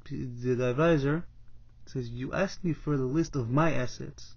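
Man, casual Torah class, retelling a parable, husky, muffled lo-fi recording. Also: mid-range voice, measured pace, few pauses, darkish tone. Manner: retells a parable in plain talk, acts out the characters with restarts. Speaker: Torah teacher. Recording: dull lo-fi recording.

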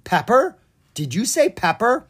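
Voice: mid-range voice, sing-song, a little slow, slightly rough. A reader voicing a bold, scheming young girl dragon who talks confidently and bossily, in a children's storybook reading. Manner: confident, bossy, cheerful.

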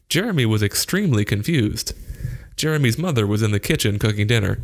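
A man reading a comic short story aloud in an even, deadpan manner. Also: on the low side, fast, creaky. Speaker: audiobook narrator.

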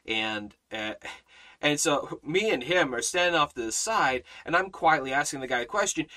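A man leads a Bible study in the manner of a sermon. His voice is bright and forceful and sits a little high, and he hammers points home by repeating phrases and restarting his sentences. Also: animated, moderate pace, rough recording. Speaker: Bible teacher.

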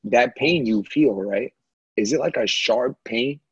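A man's voice: mid-range voice, measured pace, husky, no room sound, lo-fi sound. A man on a podcast telling a story in casual chat, blunt and profane. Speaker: podcast co-host.

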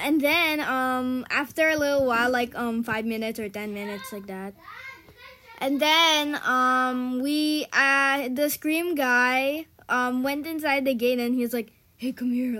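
A woman's voice: fairly high pitch, pushed and bright, a little hiss or hum. A young woman co-hosting a casual podcast, telling a story with lots of "and then, um" and giggles. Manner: rambling, full of "and then, um", giggly. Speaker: podcast co-host.

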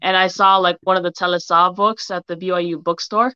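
A woman's voice: lowish voice, flat delivery, brisk, pushed and bright, clear, resonant tone, no room sound, muffled recording. A young woman author from Hawaii, raised in Utah, chatting casually as an interview guest, giggling often and filling her talk with "like". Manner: giggly, many "like" fillers.

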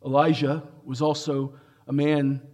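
Preacher, male, fairly high-pitched, emphatic, big swings from loud to hushed. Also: little pitch movement. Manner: emphatic, swings between loud raised lines and quiet low asides; drawn-out slow emphasis on quoted lines. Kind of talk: expository sermon.

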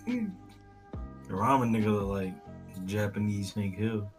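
A man co-hosting a casual podcast, giving brief, relaxed replies and swearing casually. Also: on the low side, a little slow, soft background music. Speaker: podcast co-host. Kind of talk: casual chat.

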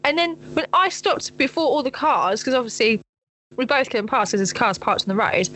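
A young woman, co-hosting a podcast, telling animated stories in casual chat. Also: normal speed, rough recording. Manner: animated storytelling, swings to high excited pitch. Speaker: podcast co-host.

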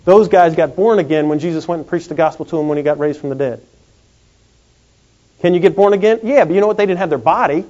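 A man preaching a sermon in a folksy, animated way. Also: a little high. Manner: folksy, animated, acts out quick comic voices. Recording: dull lo-fi recording.

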